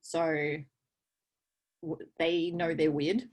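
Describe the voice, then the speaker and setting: A woman in casual conversation as a guest, chatty and laughing often, with halting fillers. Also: sits low, flat delivery, darkish tone.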